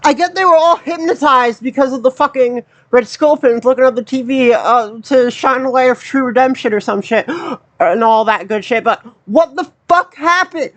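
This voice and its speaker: An anime reaction host giving casual commentary, swearing constantly and rambling in incredulous outbursts. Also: sits high. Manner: excited, rapid rambling. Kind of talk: casual reaction commentary, reading subtitles aloud.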